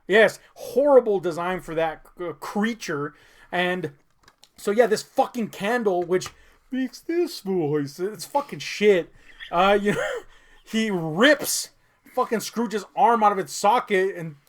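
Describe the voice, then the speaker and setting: A loose, sarcastic movie-review rant full of swearing and laughter, in a mid-pitched voice that sits in the ordinary range. The talk rambles with fillers and restarts as the speaker mocks a film in casual comedic chat. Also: unhurried. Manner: profane, sarcastic ranting with frequent laughs.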